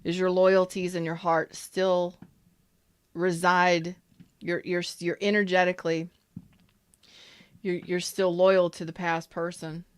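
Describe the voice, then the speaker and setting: A woman's voice: fairly low pitch, little pitch movement, slow, long pauses, clean tone, no room sound. A woman doing a casual tarot reading, talking straight to her viewers with emphatic repetition. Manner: emphatic, repeats herself, talks straight to viewers. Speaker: tarot reader.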